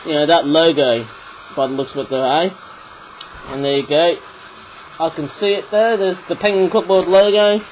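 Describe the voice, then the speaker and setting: A man's voice: fairly high pitch, a bit bright, slight background noise, low-quality recording. Rambling man with a frog in his throat. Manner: rambling, throat-clearing, chatty. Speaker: toy reviewer. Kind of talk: casual video review.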